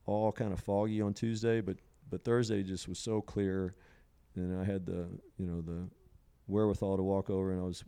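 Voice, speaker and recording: A podcast guest recounts his psilocybin experience in a long personal story, his smooth, clean voice sitting a little low with a dark tone. He speaks at a normal, easy conversational pace with flat delivery, rambling, leaning on "you know" and laughing along the way.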